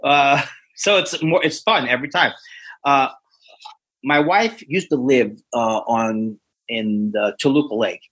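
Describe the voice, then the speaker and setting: A comedian, a man, telling a rambling, self-deprecating story with many halting restarts. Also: medium pitch, a bit bright, breathy edge. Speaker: stand-up comedian, guest. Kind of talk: anecdotal storytelling.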